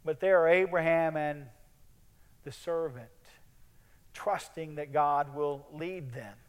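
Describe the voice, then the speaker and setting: A male preacher delivers an earnest sermon in a fairly high, smooth, clear voice. His phrases often fade softly at the end. A long reverb hangs in the space, as in a large hall. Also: slow.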